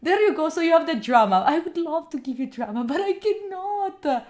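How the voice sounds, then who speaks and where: This young Italian study streamer has an extremely high, expressive voice with a darkish tone, speaking at a moderate pace with hardly any pauses. Still in young adulthood, she's from Italy and talks casually with her chat in an Italian accent, laughing a lot and fielding viewer questions.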